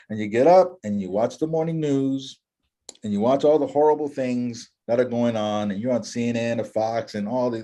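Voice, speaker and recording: A man telling his story in an interview, talking in an animated motivational way and acting out the voices of people he quotes. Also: medium pitch, moderate pace. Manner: acts out quoted voices, lively and emphatic. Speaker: interview guest, empowerment coach.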